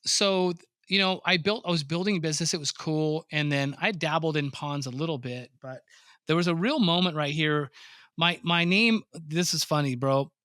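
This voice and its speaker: Bright, animated storytelling man. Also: on the high side, normal speed, clean tone, no room sound, studio quality. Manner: animated storyteller, swears freely, acts out his own reactions. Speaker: podcast guest, pond business owner. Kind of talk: casual interview storytelling.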